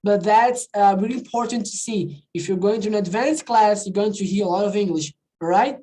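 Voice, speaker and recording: A woman's voice: medium pitch, fairly quick, dark tone, poor audio. A woman teaching an online English class in a chatty, casual way, often checking in with her students. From not from the country where she teaches. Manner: chatty, repeats "all right, guys?" and switches into Portuguese.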